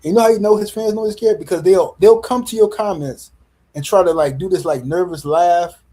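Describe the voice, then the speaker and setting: Guy hosting a boxing live stream, husky mellow voice kinda high, slangy and repeats stuff. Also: fairly quick, poor audio. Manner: slangy, repeats himself, rants and reads super chats. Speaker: boxing livestream host. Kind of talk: casual livestream commentary.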